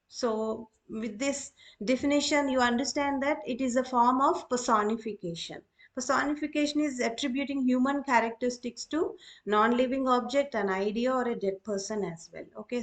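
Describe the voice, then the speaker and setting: A woman teacher walks through a lesson in a somewhat high voice. She explains patiently, circling back to each point and linking them with "okay, so.". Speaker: English teacher.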